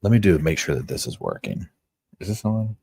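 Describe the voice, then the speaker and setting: A man hosting a casual livestream, chatting to viewers in a quiet, hushed voice at home on a wireless microphone. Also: sits low, sing-song, fairly quick, creaky, husky. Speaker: livestream host. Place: at home with neighbors next door.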